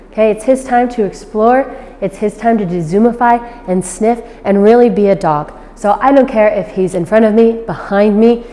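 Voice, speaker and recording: A woman dog trainer explaining a leash walk outdoors, breaking into high-pitched praise for the dog. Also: a little mellow, long reverb tail. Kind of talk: instructional demonstration.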